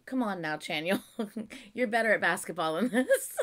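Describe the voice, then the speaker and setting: A young woman reacting to a music video at home, gushing with excitement while keeping her voice down so she doesn't wake anyone. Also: medium pitch, moderate pace. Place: home, early morning.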